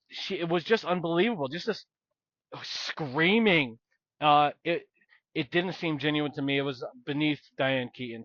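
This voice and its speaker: A man's voice: fairly high pitch, fairly bright tone, no echo, dull audio. A man co-hosting a podcast, rambling and blunt as he chats about films. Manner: rambling, emphatic, blunt complaints. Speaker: podcast co-host. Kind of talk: casual film discussion.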